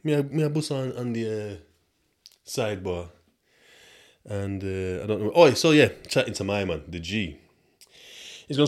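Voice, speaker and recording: On his podcast, a young British host rambles through a casual story full of street slang, with asides to the audience. He speaks at normal speed in a lowish, expressive voice, leaving long pauses.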